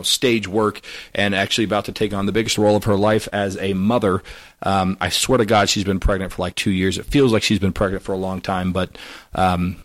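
A man's voice: on the low side, no room sound. A male comedian hosting a podcast, chatty and full of fillers as he introduces clips and interviews. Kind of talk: casual podcast chat and intros.

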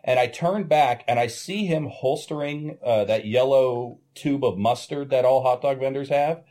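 Man telling a lively story, mellow voice. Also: mid-range voice, normal speed. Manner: animated, profane anecdote-telling. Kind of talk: casual storytelling chat.

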